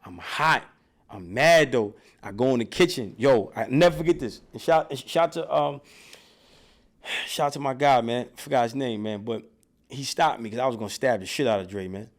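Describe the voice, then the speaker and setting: A man guest in an interview, telling profane, animated stories from his childhood and getting loud when reenacting scenes. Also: medium pitch, moderate pace. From New York. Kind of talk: casual storytelling in an interview.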